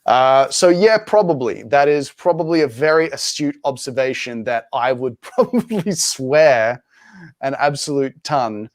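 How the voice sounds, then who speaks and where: Casual guest: Australian man, laughs a lot, animated anecdotes, dry close sound. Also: medium pitch, unhurried, dry recording. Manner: laughs often, animated retelling of stories. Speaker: guest actor. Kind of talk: casual podcast chat.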